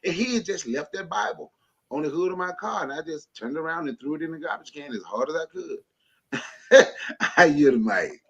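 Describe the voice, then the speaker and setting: A man's voice: a little high, lively intonation, normal speed, fairly bright tone, slightly rough. A man telling a story on a call-in livestream, laughing as he goes. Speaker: caller. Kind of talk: casual storytelling on a call-in stream. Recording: slightly dull lo-fi line.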